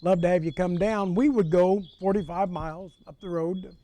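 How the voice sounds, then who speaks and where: A man's voice: high-pitched, fairly quick, warm tone. A man in his sixties from Indiana, hosting a show and telling folksy stories from his childhood, chuckling often. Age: 60s. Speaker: host. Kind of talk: storytelling in casual conversation.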